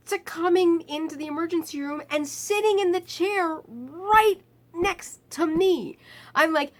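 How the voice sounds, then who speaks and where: A woman vlogger tells a personal story to camera, animatedly acting out the people involved. Her slightly high voice drops to a weary, quiet tone when she describes her pain.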